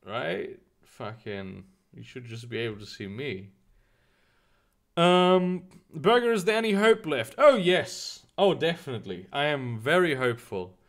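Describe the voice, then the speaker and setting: A man hosting casual live-stream commentary reads the news and handles chat, rambling and swearing in exasperation with frequent restarts. His voice is medium-pitched, animated, and a bit bright, at a measured pace.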